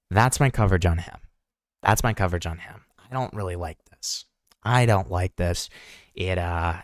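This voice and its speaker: A man's voice: sits low, a little mellow, dry recording, studio quality. A young man hosting online commentary, sarcastic and pointed, asking rhetorical questions. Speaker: commentary channel host.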